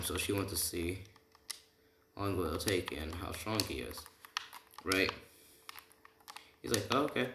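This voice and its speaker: Deep-voiced man rambling through a story. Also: fairly bright tone. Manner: rambling, retells dialogue with lots of "he's like" and "right?". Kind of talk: casual fan-fiction storytelling. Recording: echoey room with keyboard typing noise.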